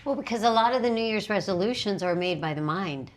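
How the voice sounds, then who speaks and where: A woman co-hosting a casual wellness chat, speaking conversationally and slowing down to stress her points. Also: medium pitch, lively intonation.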